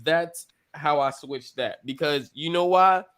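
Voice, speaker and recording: A man holding forth on a casual talk show, rambling and emphatic with a loose tongue. He speaks in a slightly raised register and lets his words stretch out slowly. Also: on the high side, fairly bright tone, clean tone. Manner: rambling, emphatic, swears freely. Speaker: podcast host. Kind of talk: casual chat.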